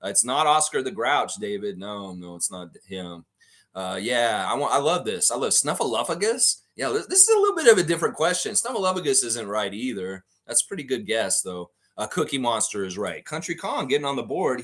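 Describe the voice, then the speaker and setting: A man's voice: mid-range voice, huge pitch swings, fairly quick, fairly bright tone. A man hosting a casual live trivia stream, reading out viewer guesses and chatting between questions with frequent laughs. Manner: chatty, reads out viewer answers, laughs often. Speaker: trivia quiz host. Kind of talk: casual livestream quiz hosting.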